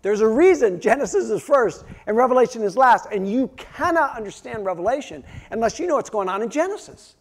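A male pastor preaching a sermon, telling stories animatedly and acting out quotes, swinging from loud outbursts to hushed near-whispers. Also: very high-pitched, lively intonation, fairly quick, few pauses.

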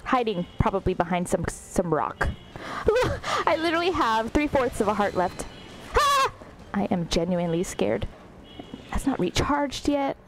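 Brief: woman game streamer, high and wildly swooping voice, sarcastic, giggly, faint hiss behind her. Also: sing-song, moderate pace, low-quality recording. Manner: sarcastic, giggly, talks back to game characters. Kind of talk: live gameplay commentary.

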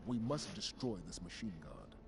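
A man's voice: on the low side, lively intonation, normal speed. An actor playing a grave male commander giving a solemn, stirring mission briefing in a video game.

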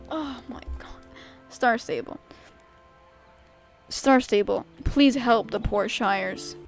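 A woman's voice: a little high, animated, slow, long pauses. A young woman giving casual, gushing commentary while playing a game, giggling and swearing now and then. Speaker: gaming YouTuber. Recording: faint game music behind.

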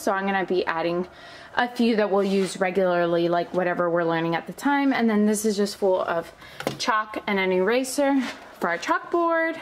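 A woman's voice: mid-range voice, slight background noise. A young woman giving a casual tour of her home homeschool room, chatty and full of fillers, a little out of breath. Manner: chatty, filler-heavy, enthusiastic about products. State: slightly out of breath. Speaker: homeschooling mom vlogger.

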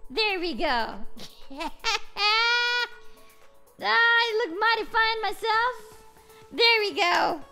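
A woman's voice: very high voice, expressive, takes it slowly, creaky, bright, forceful tone, soft background music, heavily acted. A woman streamer voicing a laid-back, boastful bearded guy who rambles, swears casually and laughs at himself while gaming. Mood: goofy. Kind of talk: live game stream in character.

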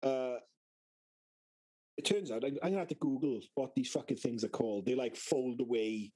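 A man's voice: mid-range voice, normal speed, dark tone, husky, low-quality recording. A British man co-hosting a podcast, telling rambling stories in casual chat and swearing a lot. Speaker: podcast co-host.

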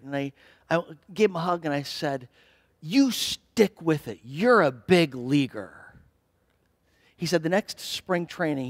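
A man's voice: mid-range voice, no echo, clean studio sound. A man preaching a sermon in church as pastor, earnest and building to impassioned appeals.

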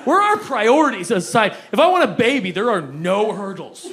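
A young man doing a stand-up comedy set, animated and breaking into acted voices for the people in his stories. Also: brisk. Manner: animated, jumps into high-pitched acted voices for quoted people. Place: comedy club stage before a live audience. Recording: live club recording with loud crowd and noise. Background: audience laughter.

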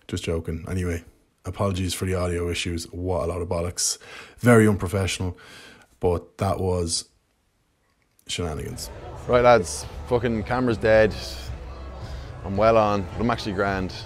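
A young Irish vlogger who reviews pubs chats casually to his camera mic inside a pub, rambling, joking and swearing. His voice sits low, with a steady tone and a normal speed.

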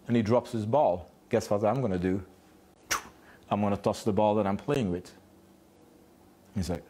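A man's voice: lowish voice, warm tone. A man, a dog trainer, explaining puppy play in a home garage, asking rhetorical questions and answering them himself. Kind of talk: instructional talk.

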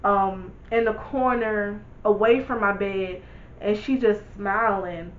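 A woman's voice: medium pitch, slow, echoey room, dull audio, a little hiss or hum. A young woman vlogger telling a casual storytime, candid and blunt, swearing freely and talking to her viewers.

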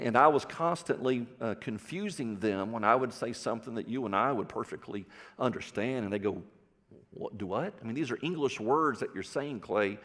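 A man's voice: medium pitch, fairly bright tone, big-room sound. A man with a Texan accent preaching a sermon, telling stories in a folksy way and putting questions to the congregation. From Texas. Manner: folksy storytelling with audience questions. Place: church sanctuary.

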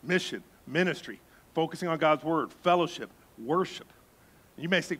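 A male pastor preaching a sermon in an animated way, with joking asides and bursts of emphasis. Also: a little high, normal speed, breathy edge.

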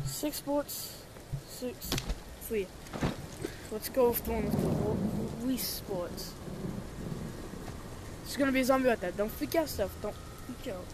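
A young woman chatting casually while playing a VR zombie game, jumpy and quick to shriek when scared. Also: fairly high pitch, very noisy. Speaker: gamer. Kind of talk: casual VR gameplay commentary.

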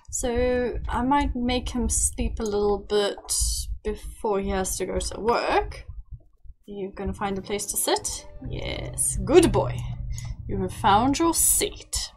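Brief: young woman, light higher voice, chatty gameplay commentary, coaxing and giggly. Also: low-quality recording. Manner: chatty, coaxing, giggly, talks to her characters. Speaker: game streamer. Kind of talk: casual let's-play commentary.

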